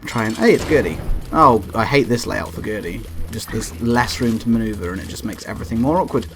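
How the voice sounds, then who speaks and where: A young man giving let's play commentary, excitable, swearing and yelping at the game when frustrated. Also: medium pitch, brisk, music in the background. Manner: swears and laughs often. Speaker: gameplay commentator.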